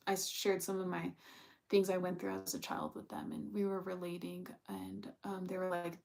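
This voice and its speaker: A woman's voice: fairly low pitch, level tone, normal speed, vocal fry, a little mellow. Woman co-host, casual rambling anecdote, fillers, laughs a lot. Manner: rambling storytelling with many fillers; laughs often while recounting. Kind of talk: casual chat.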